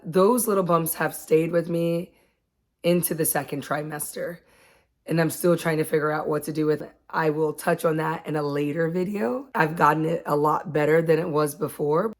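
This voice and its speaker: A woman in her late thirties talking casually about her own experiences, chatty and quick to laugh. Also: sits low, steady tone. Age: 30s. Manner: chatty, laughs often, acts out quotes. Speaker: vlogger. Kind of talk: casual chat.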